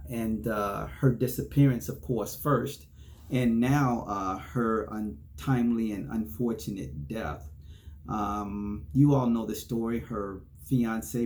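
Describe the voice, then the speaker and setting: A man's voice: fairly low pitch, a little mellow, a little hiss or hum. A man hosting a solo podcast, chatting casually, chuckling between points and often checking in with "okay?". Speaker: podcast host.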